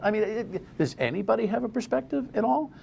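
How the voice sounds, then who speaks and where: A middle-aged man from New Jersey hosting a talk radio show, blunt and rambling, his pitch jumping up when he gets worked up. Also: expressive, fairly quick, creaky, darkish tone, slight background noise.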